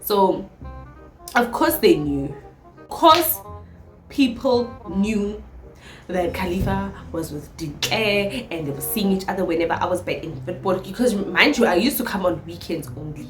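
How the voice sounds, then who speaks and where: Young South African woman, storytime vlogger, lively and sweary, echoey room. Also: lowish voice. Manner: animated, swearing, dramatic storyteller. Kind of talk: storytime vlog.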